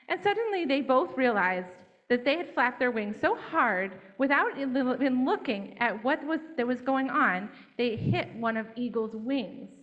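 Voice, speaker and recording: A woman telling a children's fable in a gentle, interactive way, drawing the children in to join. Her voice is fairly high, and the recording is dull and lo-fi. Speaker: church storyteller. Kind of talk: storytelling to children.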